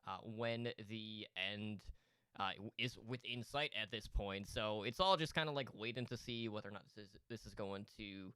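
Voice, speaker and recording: Podcast guy, low smooth bright voice, steady talk, dry sound. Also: no room sound. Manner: measured, laughs often. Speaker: podcast co-host. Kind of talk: casual chat.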